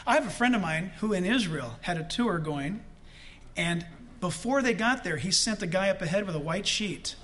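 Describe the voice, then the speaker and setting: A male pastor preaching a sermon with animated delivery, shouting the quotes he acts out and laughing often. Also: high-pitched, moderate pace, slight background noise.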